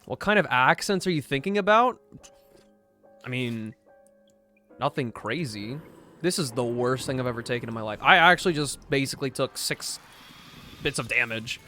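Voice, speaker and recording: A man's voice: mid-range voice, expressive, normal speed, long pauses, pushed and bright, faint music behind. A young man chatting casually on a gaming livestream, laid-back, reading chat aloud as he plays. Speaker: streamer.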